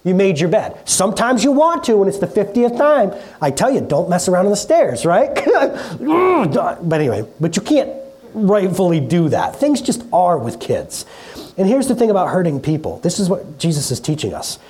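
A middle-aged pastor preaching in a relaxed, conversational way in a church, often repeating words and laughing at themself. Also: medium pitch, moderate pace. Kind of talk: conversational sermon. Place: church hall.

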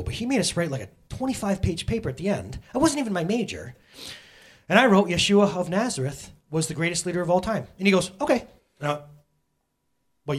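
A man in his thirties preaching a sermon with animated swings between loud exclamations and soft storytelling. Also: high voice, husky. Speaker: pastor.

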